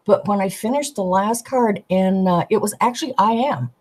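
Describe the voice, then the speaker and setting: A woman, a tarot deck artist, chatting as a guest and telling animated stories, acting out the people she quotes. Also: mid-range voice, normal speed, rough recording. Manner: animated storyteller, giggly, acts out quoted voices. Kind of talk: casual storytelling chat.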